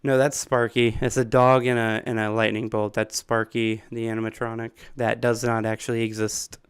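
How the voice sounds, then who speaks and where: A man's voice: mid-range voice, little pitch movement, normal speed, clean tone, dry recording, clean studio sound. A man streaming live, rambling through a game theory and chatting with his viewers, often laughing. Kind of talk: casual live-stream chat.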